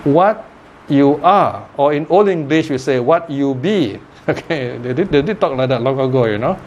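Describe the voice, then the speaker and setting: A man's voice: medium pitch, animated, normal speed, darkish tone, highs cut off, a little hiss or hum. A man giving a Buddhist Dharma talk in a conversational teaching manner, often checking in with "okay?" and "right?".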